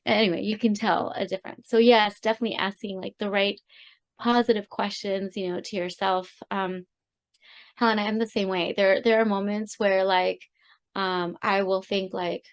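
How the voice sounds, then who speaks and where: Halting woman podcast co-host. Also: medium pitch, steady tone. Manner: halting, many ums and restarts. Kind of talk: casual chat.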